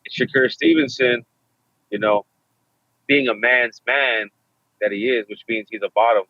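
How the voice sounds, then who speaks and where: A joking co-host on a boxing podcast with crude humor who likes to act out what others said. His medium-pitched voice comes through dull and lo-fi, with a dry, close sound. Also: unhurried, pushed and bright, no echo. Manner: joking, crude, acts out quotes. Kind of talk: casual boxing talk.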